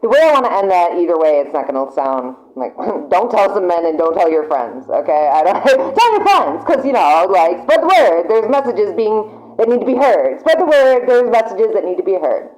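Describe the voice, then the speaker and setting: A woman giving a casual tarot reading to her camera, excitable and chatty, swearing freely and laughing often. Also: fairly low pitch, moderate pace, hardly any pauses, low-quality recording. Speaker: tarot reader. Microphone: camera mic.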